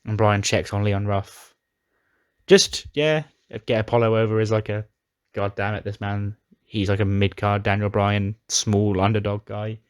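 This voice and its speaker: A man's voice: on the low side, steady tone, moderate pace, clear, resonant tone, no echo, studio quality. A man casually recapping his playthrough of a wrestling sim game, retelling storylines with dramatic flair. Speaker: gaming YouTuber.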